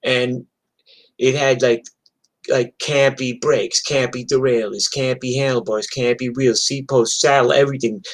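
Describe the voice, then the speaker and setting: A man from New York tells wild stories from his past in a loose, swearing rush. He acts out the blows and shouts as he talks. His voice sits at an ordinary middle pitch. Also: unhurried. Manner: profane, animated street storytelling. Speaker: host telling stories. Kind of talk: casual storytelling. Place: streamed from home.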